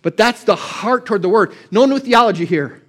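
A man's voice: high-pitched, animated, brisk. A man preaching a sermon, passionate and repetitive, quoting scripture again and again. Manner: impassioned, repeats scripture over and over. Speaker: pastor.

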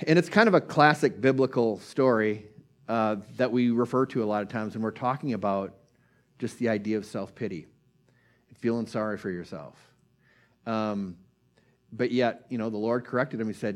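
A man's voice: mid-range voice, normal speed. Casual man preaching a sermon. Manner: conversational, many fillers and restarts.

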